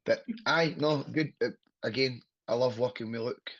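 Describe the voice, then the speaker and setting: A man's voice: mid-range voice, normal speed, hardly any pauses, a bit bright, no echo, dull audio. A Scottish man, a wrestler, chatting casually as a podcast guest, blunt and sweary with a laughing storyteller's manner.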